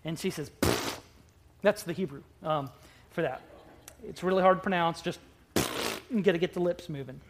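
Pastor mid-sermon, medium pitch, emphatic, stretches words out, with playful asides to the congregation. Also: noisy background. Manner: emphatic, with drawn-out words and sudden loud bursts.

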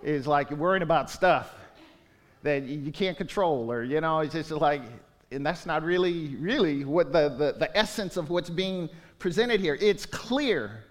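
Male pastor, high voice, animated sermon, long hall reverb. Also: unhurried. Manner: animated, with sudden rises and drops and acted-out quotes. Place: church sanctuary.

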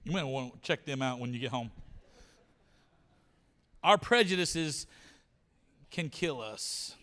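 A man preaching a sermon in a church, retelling a story with animated voices for the characters. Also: mid-range voice, unhurried. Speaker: pastor. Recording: reverberant church hall.

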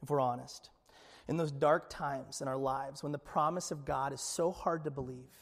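A man's voice: medium pitch, fairly even intonation, normal speed, creaky, husky, in a large hall. A man preaching a sermon as pastor, conversational and joking, often checking in with the congregation. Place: church.

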